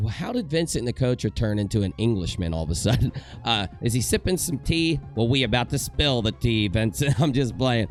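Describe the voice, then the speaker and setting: A man's voice: a little high, very animated, normal speed, a bit bright, faint music behind. A young man giving a casual commentary rant from home in front of a green screen, joking and rambling with self-mocking asides. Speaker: commentary YouTuber.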